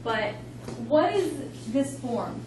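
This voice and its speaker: A woman math instructor lecturing a class, explaining steps briskly and thinking aloud. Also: sits high, sing-song, very noisy.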